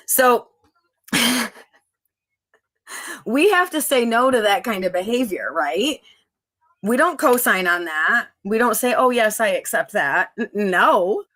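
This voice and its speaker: A woman's voice: fairly high pitch, big pitch swings, takes it slowly, long pauses, bright, forceful tone. A middle-aged woman hosting a live stream, chatting upbeat with viewers and reading out their comments. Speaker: livestream host.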